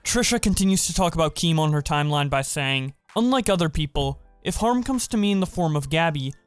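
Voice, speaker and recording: A man's voice: on the high side, animated, a little fast, clean tone, dry recording. Man narrating drama news over music. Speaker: commentary narrator. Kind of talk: scripted narration over clips. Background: faint music.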